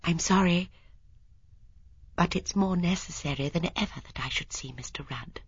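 A woman reading an audiobook and voicing an elderly woman sleuth who is gentle, prim and quietly stubborn. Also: lowish voice, moderate pace, breathy edge, no echo, highs cut off, voice pushed up. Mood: hushed, shocked. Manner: soft, polite and quietly insistent.

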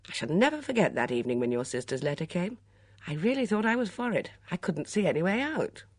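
A sharp-tongued young woman teases with crisp, dry wit, voiced by a woman reader. Her tone is low and a touch husky, in a dry close recording. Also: very animated, quick pace, no echo. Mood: wry.

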